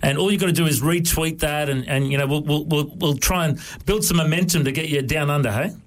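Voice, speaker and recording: A man's voice: on the high side, a little fast, poor audio. A man with an Australian accent, a chatty radio host who laughs often while interviewing a guest live.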